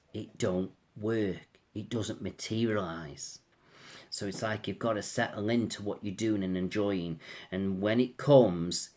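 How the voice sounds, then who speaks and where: A man's voice: fairly low pitch, darkish tone. A man giving a casual astrology reading, rambling and reassuring, often repeating "I feel so". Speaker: astrologer and tarot reader.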